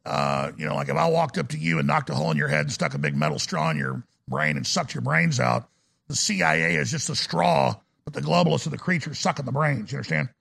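A man's voice: fairly high pitch, sing-song, fast, vocal fry, a bit bright, breathy edge. A male talk radio host ranting through a call-in show, often stumbling and restarting words.

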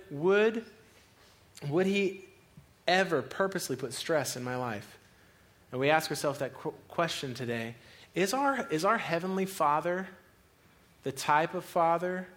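A man preaching a sermon as pastor, telling a story with lively acted-out voices. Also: fairly high pitch. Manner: animated storyteller, acts out voices.

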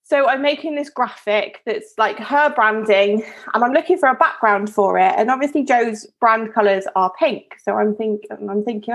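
At a fairly high pitch and normal speed, a woman talks with hardly any pauses. She's co-hosting a podcast, telling a story casually, rambling, breaking off mid-thought, and laughing often.

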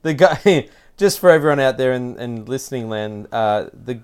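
A man's voice: medium pitch, expressive, moderate pace, a little mellow, clean tone. A man hosting a show, chatting casually in a laid-back manner. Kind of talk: casual chat.

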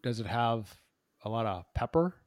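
A man's voice: mid-range voice, lively intonation, normal speed, darkish tone. A man co-hosting a podcast in casual chat, laid-back and rambling with lots of fillers. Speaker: podcast co-host.

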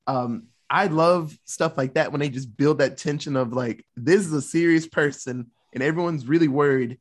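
A man's voice: fairly high pitch, moderate pace. A man casually retelling a movie plot for a podcast, loose and profane, slipping into the characters' lines. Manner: loose, profane storytelling with acted-out quotes. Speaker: podcast co-host.

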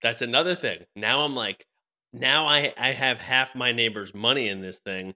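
A man's voice: medium pitch, moderate pace, sharp tone. A young man telling a rambling story in casual chat, full of fillers, restarts and laughs. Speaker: podcast co-host telling a story.

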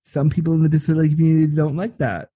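Blunt, profane man with a husky voice. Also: fairly high pitch, very fast, no echo. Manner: blunt and profane, animated when telling stories. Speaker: interview guest. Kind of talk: candid conversational storytelling.

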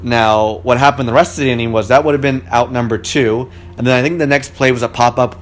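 A man's voice: medium pitch, fairly even intonation, fast. A man telling a story in a casual monologue at home in his living room, talking in a chatty and indignant way. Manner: chatty, indignant, frequent "like" fillers.

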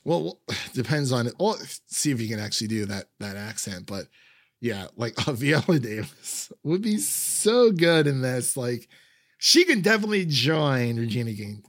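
A man's voice: mid-range voice, sing-song, moderate pace, a bit bright, no echo, clean studio sound. A man chatting casually about a film, rambling with many fillers and frequent laughs. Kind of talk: casual film review chat.

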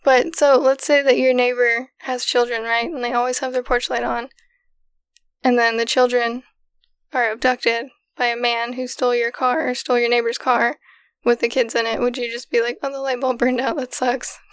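A woman podcast host recounting a case in a steady, matter-of-fact way, in casual storytelling style. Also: on the high side, normal speed, clean tone, dry recording, clean studio sound. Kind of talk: casual true-crime storytelling.

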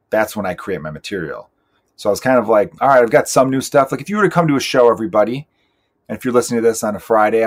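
A man in his thirties, a stand-up comedian hosting his own podcast, rambling in a profane, self-mocking, joking way. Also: on the low side. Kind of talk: casual solo podcast monologue.

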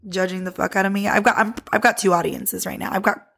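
A woman podcast host telling a personal story in a casual, candid, heavily profane way, animated and lively. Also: mid-range voice, fast, gravelly, breathy edge.

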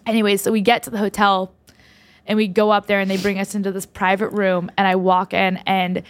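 A woman's voice: medium pitch, flat delivery, fairly quick. A young woman hosting a podcast, telling a personal story in a rambling, heartfelt way with many restarts. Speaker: podcast host.

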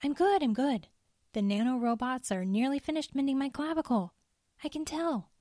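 A woman's voice: high-pitched, expressive, moderate pace, warm tone, no echo, studio quality, voice pushed up. A woman voicing a worried young male forest ranger who pleads insistently to be believed. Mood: reassuring.

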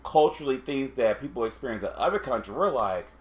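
A man's voice: medium pitch, lively intonation, fast. A man co-hosting a casual podcast chat, chatty and easygoing, laughing along and filling his talk with likes. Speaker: podcast co-host.

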